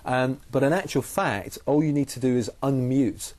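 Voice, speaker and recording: A man teaches guitar in a steady, mid-pitched voice. He explains each point with patience and method, going back over his key phrases. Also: normal speed. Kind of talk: explaining guitar technique in a lesson.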